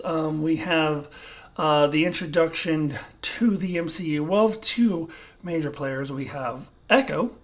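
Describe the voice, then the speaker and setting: A woman giving an unscripted TV review alone, halting often to search for words and laughing at herself. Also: low voice. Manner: self-deprecating, laughs at herself.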